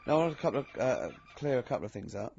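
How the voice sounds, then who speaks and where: A man hosting a radio talk show in a studio, halting and teasing, breaking into high laughter. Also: very animated, gravelly. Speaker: radio host. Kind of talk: casual radio banter. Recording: dull lo-fi radio recording, dry.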